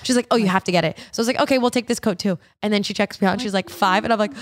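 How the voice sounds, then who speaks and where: A woman's voice: mid-range voice, rapid-fire. Chatty woman telling a shopping story. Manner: animated storytelling, swears, filler-heavy. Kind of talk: casual chat.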